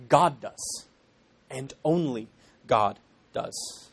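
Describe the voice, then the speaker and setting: High-voiced Irish man preaching earnestly. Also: unhurried, slightly rough. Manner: earnest and emphatic, with self-deprecating asides. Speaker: pastor in training. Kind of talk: sermon.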